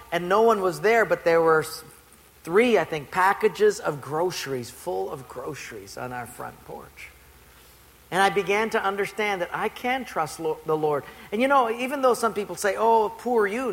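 Animated bright-voiced male pastor preaching. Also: a little high. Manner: animated storytelling, playful. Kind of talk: sermon. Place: church before a congregation. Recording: long hall reverb.

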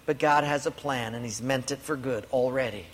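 Amid long hall reverb and faint room noise, a pastor preaches earnestly, recounting a personal story and repeating important lines for emphasis. He has a mid-range voice and speaks at normal speed.

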